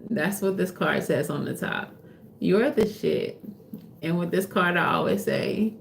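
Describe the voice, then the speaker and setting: Woman, tarot reader, gravelly, unhurried delivery. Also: lowish voice, animated, a little hiss or hum. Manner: casual, profane, laughs often, slips into playful voices. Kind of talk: casual tarot reading.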